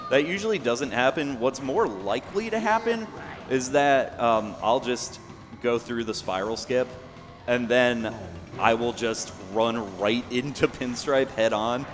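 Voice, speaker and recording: A young man casually explaining his own speedrun as he plays, relaxed and full of fillers. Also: mid-range voice, a little slow, music in the background. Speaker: speedrunner commentating his run. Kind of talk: casual live commentary. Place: event venue. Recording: long hall reverb, faint background noise.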